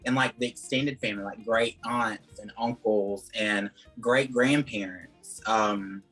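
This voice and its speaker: This Southern-accented man from Georgia speaks on the low side, fairly evenly and at a measured pace, with a slightly bright tone. As a guest in a laid-back interview he rambles, filling his answers with "like" and "um." Faint music plays behind the poor audio.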